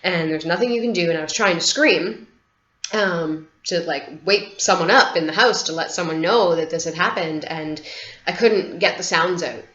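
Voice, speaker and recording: A woman's voice: fairly low pitch, moderate pace, a bit bright. A woman vlogger telling a personal story to camera in a candid, rambling way, with many "like" fillers and free swearing. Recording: roomy, dull lo-fi home recording.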